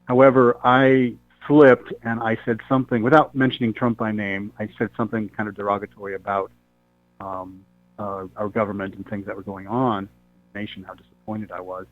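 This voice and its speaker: Male radio host, lowish voice, dry narrow sound, faint background music. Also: level tone. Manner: conversational, rambling, halting with fillers. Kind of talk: radio talk show. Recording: tinny phone-line sound.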